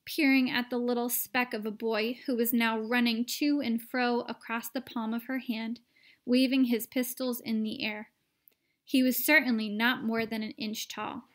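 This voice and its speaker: A woman's voice: a little high, moderate pace. Woman reading a children's book aloud. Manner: lively storytelling with playful asides. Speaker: reader.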